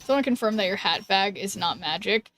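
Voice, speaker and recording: A woman's voice: medium pitch, animated, a little fast, fairly bright tone, slight background noise. An American woman streaming a game, chatting casually and giggling, trailing off with ums. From United States. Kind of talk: casual chat while gaming. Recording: dry close mic with faint background music.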